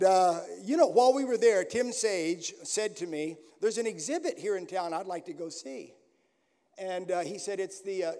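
An older American man with a high-sitting, dark voice gives a sermon as a guest pastor. The audio echoes through a large church hall as he tells stories in a folksy manner, restarting often.

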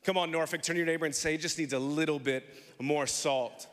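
A man preaching in a church, with a high, bright voice that carries a long reverberation through the hall. He tells stories with humor and calls on the congregation to answer him back. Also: steady tone, a little fast. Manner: storytelling with humor, call-and-response with congregation. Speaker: pastor. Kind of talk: sermon. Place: church sanctuary.

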